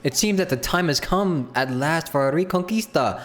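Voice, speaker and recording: A man's voice: on the high side, lively intonation, moderate pace, long reverb tail, pitched above the performer's own voice, natural voice. Man reading an earnest storybook heroine. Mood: grand.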